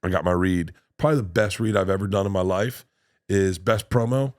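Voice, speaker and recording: A comedian guest telling stories in casual podcast talk, animated, acting out quotes and swearing freely. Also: male voice, low voice, brisk.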